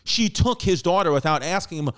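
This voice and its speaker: Guy hosting a podcast, rambly and animated, cursing a lot, acts out the quotes. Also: high-pitched, brisk, clean tone. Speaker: podcast host. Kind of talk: casual storytelling.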